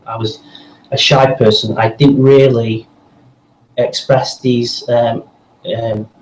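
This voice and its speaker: A man guest on an interview show, recounting his path in a casual, rambling way full of ums and restarts. His voice sits in an echoey room with a faint hum underneath. The delivery is conversational and unhurried. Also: medium pitch. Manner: rambling, many fillers and restarts. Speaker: voice actor guest. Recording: roomy echo with faint background hum.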